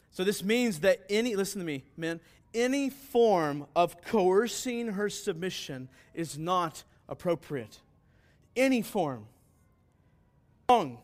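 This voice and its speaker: A male pastor delivers a sermon in a notably high voice for a man. He is earnest and emphatic, leaning on rhetorical questions that he answers himself. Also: expressive, slow.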